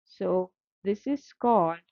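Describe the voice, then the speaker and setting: A woman's voice: mid-range voice, lively intonation, takes it slowly, gravelly, no room sound. A woman teaching a slide-based literature lesson, patient and methodical, repeating key terms and spelling out each syllable. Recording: dull lo-fi dry recording.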